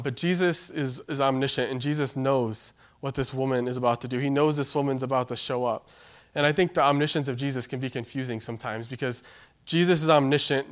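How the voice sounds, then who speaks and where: A man's voice: mid-range voice, fairly bright tone, clear, resonant tone. Casual conversational male preacher. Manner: conversational, with fillers and asides. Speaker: pastor. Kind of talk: sermon.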